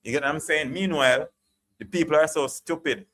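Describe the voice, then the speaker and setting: A man's voice: fairly high pitch, brisk, sharp tone, slight background noise. Ranting Jamaican man on a live stream. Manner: passionate, ranting, repeats "you get what I'm saying". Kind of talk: opinionated live chat monologue.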